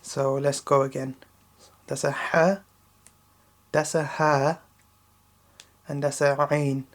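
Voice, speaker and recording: A man teaching children to recite a Quran chapter, explaining letter sounds slowly and often checking in with "yeah?". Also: little pitch movement. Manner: slow, repetitive explaining with frequent checking "yeah?"; intones Arabic verses louder and higher when reciting. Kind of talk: patient recitation lesson for children.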